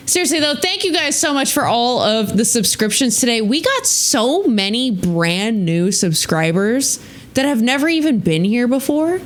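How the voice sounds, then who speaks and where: A woman's voice: fairly high pitch, normal speed. A woman hosting a live stream, chatting casually and teasing her viewers in a playful way. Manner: playful, teasing, lively thanks to chat.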